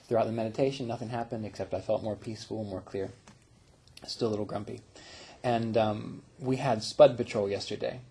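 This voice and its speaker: A man who teaches meditation, telling personal stories in a relaxed, reflective way, with fillers and small laughs. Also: lowish voice, brisk, vocal fry, husky. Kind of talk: casual spiritual talk.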